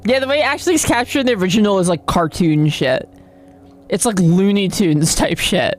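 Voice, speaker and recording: A woman's voice: mid-range voice, lively intonation, moderate pace. A woman streaming a game, chatting casually and joking with viewers.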